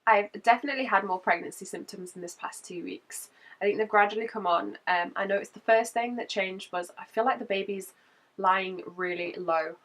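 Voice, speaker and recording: Slightly distant because she's seated a bit back from the microphone, a vlogger talks through a casual update in a voice made croaky by a cold. Chatty, she laughs between points, speaking at normal speed in a mid-range, fairly bright voice.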